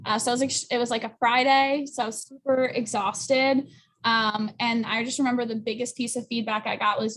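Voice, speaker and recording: A woman recruiter answers panel questions in a relaxed, chatty way, with fillers and quick asides. Her voice sits a little high. She comes through a video call.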